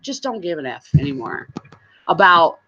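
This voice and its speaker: A woman's voice: fairly low pitch, sing-song, normal speed, a bit bright, muffled recording. A woman hosting a casual livestream, chatting with viewers and laughing often.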